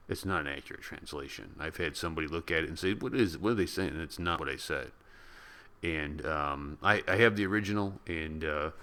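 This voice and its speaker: A man's voice: deep voice, fairly bright tone. An American man giving a casual, rambling movie review, chatty and laughing at his own stories. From United States.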